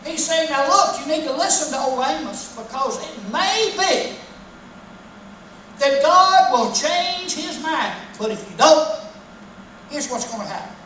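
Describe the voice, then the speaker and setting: A woman's voice: high voice, expressive, unhurried, fairly bright tone, slight background noise. A woman preaching a sermon, emphatically reading scripture and then explaining it in plain words. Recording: echoey hall from far off.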